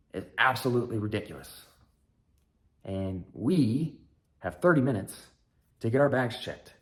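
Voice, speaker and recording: A man in his thirties with a somewhat low voice recounts a story in a loose, candid monologue. He rambles and restarts now and then, and adds a dry, self-mocking humor. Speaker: podcast host, father.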